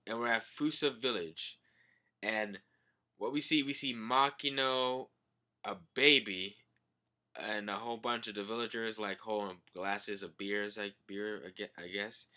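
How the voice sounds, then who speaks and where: A man casually reviewing a manga chapter, excitable and profane, rambling with fillers. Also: fairly low pitch.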